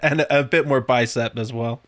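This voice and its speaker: A man hosting an online interview, chatting casually, friendly and quick to laugh. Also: mid-range voice, fairly even intonation, a bit bright. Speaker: channel host.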